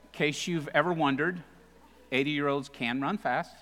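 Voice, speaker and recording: A man's voice: on the high side, moderate pace, a bit bright, a little hiss or hum. Man preaching with humor in a reverberant hall. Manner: conversational, self-deprecating. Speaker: guest speaker. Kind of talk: humorous storytelling sermon. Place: live church service.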